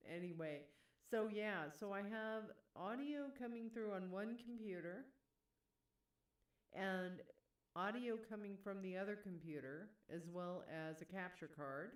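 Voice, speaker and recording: A woman's voice: medium pitch, unhurried. A woman streamer chatting casually about her music setup, rambling, trailing off and laughing often. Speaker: livestreamer making music. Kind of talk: casual livestream chat. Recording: roomy, distant mic, faint music behind.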